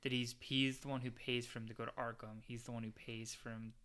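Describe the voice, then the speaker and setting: Podcast co-host, male, bright tone, eager and chatty. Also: medium pitch, level tone, a little fast, clean tone. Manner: enthusiastic, heavy use of "like". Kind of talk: casual chat.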